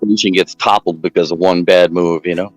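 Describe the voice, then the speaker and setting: Low-voiced guy rambling thru a story, gets animated, dry close sound, little music behind. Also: a little fast, no echo, low-quality recording. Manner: rambling, animated, raises pitch for quoted voices. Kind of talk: casual storytelling.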